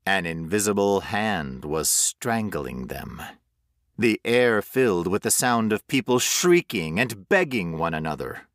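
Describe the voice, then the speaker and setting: Slow, measured male horror narrator. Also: deep voice, very animated, a bit bright, no echo, clean studio sound. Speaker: audiobook narrator.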